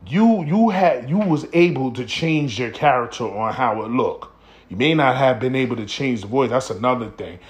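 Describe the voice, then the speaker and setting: American man, podcast host, blunt profane solo rant, emphatic and repetitive. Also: mid-range voice. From United States.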